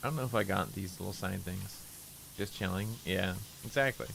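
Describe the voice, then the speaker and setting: A man casually chatting on a game stream, speaking in a relaxed, low-key and unexpressive way, deliberately keeping his voice in a lower register. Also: creaky, a little hiss or hum. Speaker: livestreamer.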